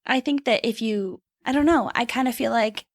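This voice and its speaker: A woman's voice: on the high side, moderate pace, no echo, studio quality. A woman co-hosting a podcast in casual chat, talkative and playful, laughing often. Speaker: podcast co-host.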